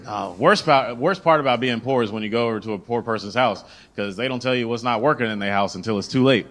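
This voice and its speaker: A man doing a stand-up comedy set on a club stage. He tells his stories in an animated, swearing style into a handheld mic. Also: medium pitch, quick pace.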